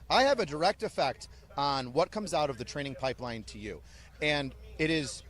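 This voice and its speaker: A man who works as an army drill sergeant, telling blunt, joking stories in an interview. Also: fairly high pitch. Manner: animated, blunt, joking storyteller. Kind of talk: storytelling in an interview.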